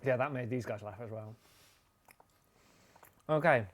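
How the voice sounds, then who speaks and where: A man rambles cheerfully through a live podcast stream, chatting with viewers in a loose, casual way. He is playful and breaks into laughter often, and his voice sits in an ordinary middle pitch. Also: measured pace. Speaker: podcast host.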